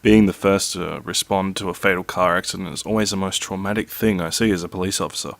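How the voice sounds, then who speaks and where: A man with a fairly low voice reads short horror stories one after another. He takes them slowly and evenly. The sound is dry and close, with no room around it. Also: fairly even intonation, creaky, no room sound. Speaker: narrator. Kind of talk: reading scary two-sentence stories.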